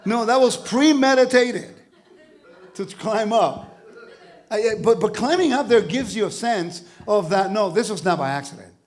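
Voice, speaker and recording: A man teaching a congregation, lively and animated, often asking his listeners questions. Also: sits high. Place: congregation hall.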